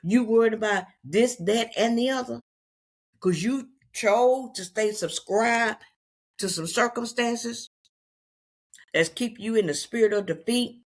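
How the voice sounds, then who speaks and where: A woman's voice: a little high, a little slow. A woman with a Southeast Texas accent, talking casually and unscripted to her viewers in a chatty, folksy way. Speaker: vlogger.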